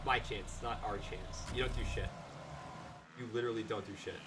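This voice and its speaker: A gaming streamer giving rambling let's-play commentary who swears and bursts into excited shouting. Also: medium pitch, moderate pace, background noise. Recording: game music behind, voice a bit distant from mic. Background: game music.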